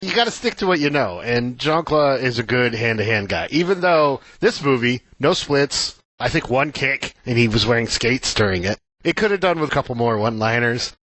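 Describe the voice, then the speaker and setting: A man's voice: mid-range voice, animated, normal speed, hardly any pauses, a bit bright, dry recording. A man co-hosting a casual film podcast, joking around and throwing in silly impressions. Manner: jokey, does silly impressions. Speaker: podcast co-host.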